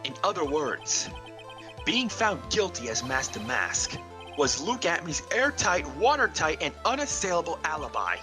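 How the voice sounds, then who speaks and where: A man voicing an earnest young male defense lawyer in a fan voice acting of a game, explaining deliberately. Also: on the high side, sing-song, over music.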